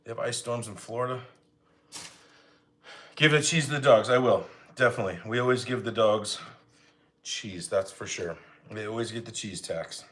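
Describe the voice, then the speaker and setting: A man's voice: lowish voice, normal speed, pauses often. A man hosting a live home cooking stream, chatting casually with viewers and greeting them by name as he cooks. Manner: relaxed, rambling, greets chat by name. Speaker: cooking livestream host. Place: home kitchen.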